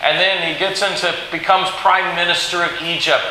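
A man preaching a sermon, telling a Bible story in an animated way and acting out the quoted lines. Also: high voice, moderate pace. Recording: very echoey hall with faint hiss.

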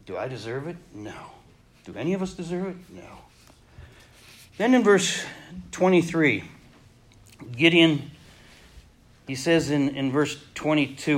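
A man preaching a sermon in an earnest way, pausing and restarting, his voice dropping soft when he turns reflective. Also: a little high.

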